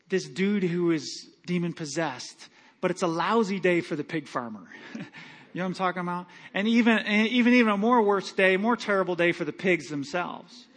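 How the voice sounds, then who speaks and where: A man's voice: high voice, a bit bright. A male pastor preaching a storytelling sermon in a conversational, self-mocking way with many fillers.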